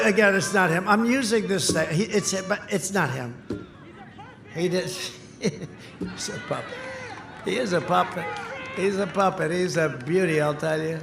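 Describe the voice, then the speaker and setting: A man giving a campaign rally speech in short, punchy, repeated phrases, sometimes breaking into shouts, recorded outdoors through an echoing PA. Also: high voice, normal speed, vocal fry, slight background noise. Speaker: political speaker at a rally. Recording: echoey outdoor PA sound with crowd. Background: cheering crowd.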